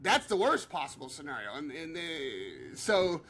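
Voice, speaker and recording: A man co-hosting a casual boxing talk show, animated and repetitive. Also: a little high, a little slow, creaky, slightly rough. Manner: animated, repeats himself. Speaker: co-host.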